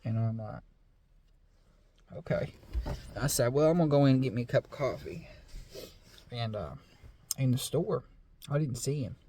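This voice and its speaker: A man's voice: mid-range voice, animated, moderate pace, long pauses, dark tone, a little hiss or hum. A middle-aged man, telling a true story in a casual, drawling way with many fillers and repeated "I said". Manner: easygoing, drawling, lots of fillers and 'I said'.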